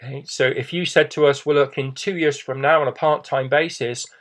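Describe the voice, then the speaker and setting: A man's voice: on the high side, fairly even intonation, brisk. A middle-aged man giving a persuasive business presentation, reassuring and often adding "okay" and "you know".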